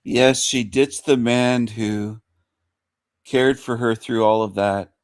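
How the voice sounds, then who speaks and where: A man's voice: mid-range voice, fairly even intonation, takes it slowly, smooth, no echo, studio quality. A man hosting a radio show, breaking in over played clips with mocking, scornful commentary.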